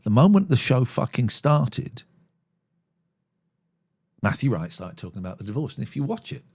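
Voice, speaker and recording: A middle-aged man, hosting a live phone-in show, blunt and sweary, given to loud angry rants. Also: medium pitch, very animated, moderate pace, gravelly, breathy edge. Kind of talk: live-streamed phone-in talk.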